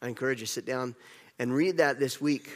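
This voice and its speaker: A man's voice: mid-range voice, fairly quick, long reverb tail. A man preaching a conversational sermon as a pastor, repeating phrases and building up rhetorical questions.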